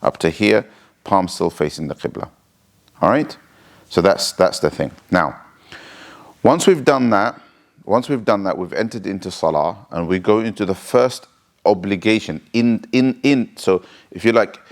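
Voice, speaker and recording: A man's voice: on the low side, lively intonation, unhurried. A man teaching the movements of prayer in a casual, conversational way, often checking in with "right?". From England. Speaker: Islamic teacher demonstrating prayer. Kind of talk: casual instructional talk to camera.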